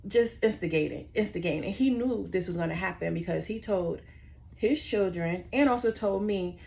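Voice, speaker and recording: A woman's voice: medium pitch, normal speed, vocal fry, darkish tone. A woman in her forties telling a personal story to camera in a rambling, sassy way. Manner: rambling, sassy, easily sidetracked. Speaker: vlogger.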